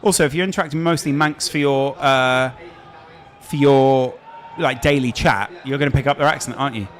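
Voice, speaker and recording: A man's voice: mid-range voice, moderate pace, a bit bright. A man with a Scouse accent hosting a casual live stream, chatting and answering viewer questions. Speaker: streamer host.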